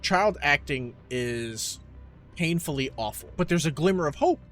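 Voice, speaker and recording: A man's voice: a little high, lively intonation, a little slow, a bit bright, soft background music. A man co-hosting a casual movie review podcast, ranting with lots of profanity and exasperation. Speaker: podcast co-host.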